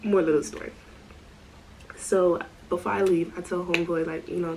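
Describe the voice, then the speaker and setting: A woman's voice: on the low side, normal speed, long pauses, a little hiss or hum, rough recording. Chatty woman telling a story. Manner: animated, slangy, full of asides. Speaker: storytime vlogger. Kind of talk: casual storytelling.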